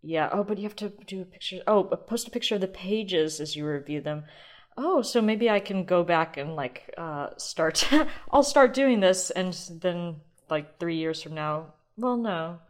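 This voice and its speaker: A young adult woman talks on her own podcast in an easy, rambling way, thinking out loud and dropping the occasional swear word. Her voice sits a little on the lower side for a woman. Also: lively intonation, moderate pace. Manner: chatty, rambling, swears casually, thinks aloud. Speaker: podcast host. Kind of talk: casual solo podcast chat.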